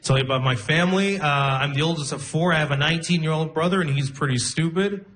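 A man's voice: fairly high pitch, fast, fairly bright tone. A young man in his twenties doing a stand-up comedy set live, telling stories in a conversational way and acting out the people in them. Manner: conversational storytelling, acts out quoted people. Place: live comedy show before an audience. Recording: live show with audience noise.

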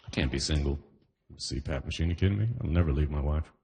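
A man's voice: extremely low pitch, fast talker. A Caribbean man with a Trinidadian accent performing a chatty stand-up comedy set on a club stage. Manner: chatty, peppered with "you know what I mean".

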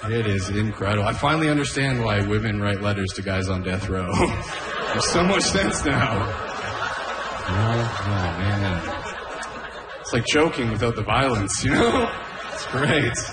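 A man's voice: lowish voice, expressive, measured pace, heavy background noise. A man doing a stand-up comedy set on stage, often laughing at his own jokes and saying "oh, man" between bits. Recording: echoey club room.

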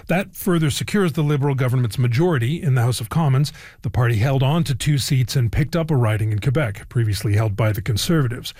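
A man reading scripted news as anchor, with crisp, formal delivery. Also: medium pitch, darkish tone, no room sound, clean studio sound.

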